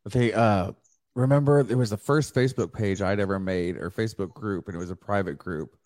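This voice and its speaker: A man hosting a podcast, recalling things in a casual, halting way. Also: lowish voice, a little mellow, no room sound. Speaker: podcast host. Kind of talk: casual reflective chat. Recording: faint background noise.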